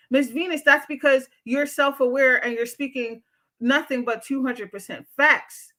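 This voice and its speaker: A woman's voice: high-pitched, fairly even intonation, a little slow, sharp tone. A woman hosting a livestream and reading out chat comments. She is a therapist who talks bluntly and swears freely as she lectures her viewers. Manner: blunt, outspoken and profane. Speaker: livestream show host and therapist.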